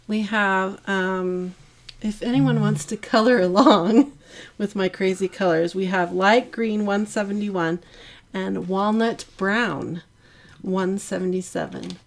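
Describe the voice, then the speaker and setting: A woman hosting a live coloring stream from her art studio, chatty and giggly with drawn-out asides. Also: medium pitch, gravelly. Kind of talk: casual live-stream chat while coloring.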